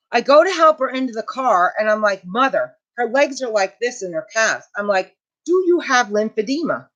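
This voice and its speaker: A woman's voice: fairly high pitch, a bit bright. A middle-aged woman hosting a casual livestream, telling a family story with emotion and indignation and answering viewer comments. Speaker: channel host. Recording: dull lo-fi home recording.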